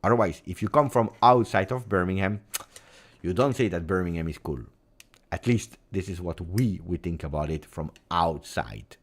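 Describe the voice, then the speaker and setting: A man hosting a football vlog, talking in an emphatic, theatrical way that jumps between loud and hushed. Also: deep voice, normal speed. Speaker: football channel host. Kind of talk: animated football commentary vlog.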